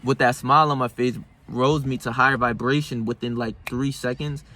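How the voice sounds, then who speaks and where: A man's voice: mid-range voice, steady tone, moderate pace, bright, forceful tone. A young man vlogging about self-improvement in a casual, profane monologue. He tells the story loosely, with lots of slang and fillers.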